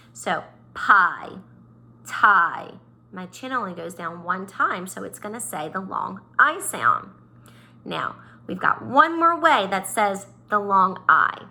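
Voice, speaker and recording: A woman teacher leads young children through a phonics lesson, stretching and stressing each sound in a sing-song manner. Her mid-range voice comes across pushed and bright.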